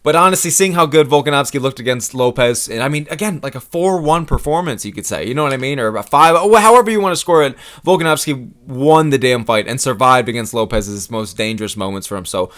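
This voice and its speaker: A man ranting casually to camera about fight matchups, profane, excitable and rambling, swearing constantly. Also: medium pitch, fast talker, few pauses. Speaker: MMA commentary YouTuber.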